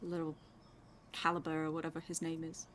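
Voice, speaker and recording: A woman's voice: sits low, monotone, a little fast, a little hiss or hum. A woman running a tabletop game as game master, casual and a little apologetic.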